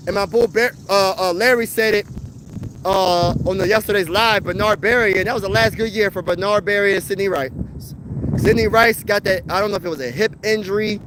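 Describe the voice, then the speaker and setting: A young man from Pennsylvania hosting a casual live sports talk stream, slangy and animated, answering viewer comments. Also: high-pitched, noisy background. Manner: slangy, animated, rhetorical questions. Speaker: sports talk livestream host.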